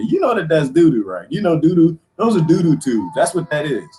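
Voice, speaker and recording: Male streamer, lively pitch that swings a lot, casual slangy storyteller who cracks himself up. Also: fairly quick, few pauses. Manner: animated storytelling, crude joking, laughs often. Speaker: live stream host. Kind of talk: casual chat with viewers.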